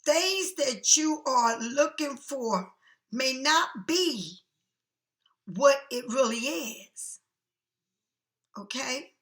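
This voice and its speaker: A woman's voice: high-pitched, expressive, very slow, long pauses, fairly bright tone, reverberant. A woman doing a casual tarot reading for viewers, chatty and frank, swearing freely and calling the listener honey. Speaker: tarot card reader.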